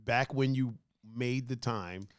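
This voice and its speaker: A man's voice: mid-range voice, slow, smooth, no echo, clean studio sound. A man hosting a podcast in casual chat, teasing and playful with his guest and laughing often. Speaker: podcast host.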